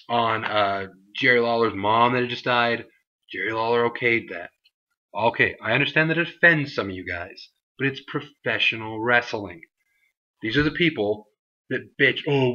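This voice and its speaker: A man's voice: mid-range voice, sharp tone, lo-fi sound. A young man reviewing a wrestling show in a casual vlog, rambling with many fillers and mocking put-on voices for the people he quotes.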